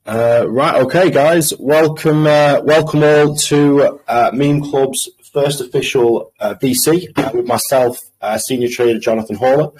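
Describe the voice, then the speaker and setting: A man's voice: medium pitch, normal speed, hardly any pauses, a little mellow, slightly rough, rough recording. A man with a Manchester accent giving a voice-chat presentation to investors, hesitant and full of ums and restarts. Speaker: crypto trader presenting to investors. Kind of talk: screen-share voice chat presentation.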